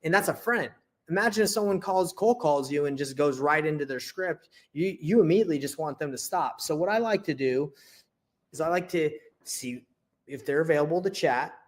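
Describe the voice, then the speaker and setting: A young man casually teaching how to run sales calls, talking loosely with lots of restarts and quick check-ins. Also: a little high. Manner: loose and chatty, lots of restarts and "right?" tags. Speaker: real estate wholesaling coach. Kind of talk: casual teaching with role-played call examples.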